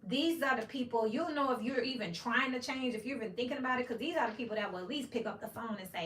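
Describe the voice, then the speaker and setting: Woman from the South doing a casual tarot read; foul-mouthed and animated, mic set back in a roomy space. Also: on the high side, fast, hardly any pauses. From Memphis, United States. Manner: blunt, profane, animated, acts out quoted voices. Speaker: tarot reader. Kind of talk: casual tarot reading monologue. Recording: echoey room, mic at a distance, faint hiss.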